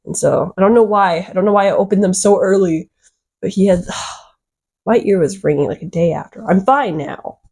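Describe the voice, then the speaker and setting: A woman vlogger telling a rambling, excitable storytime, full of fillers and little giggles. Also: mid-range voice, normal speed, slightly rough. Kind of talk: casual storytime chat.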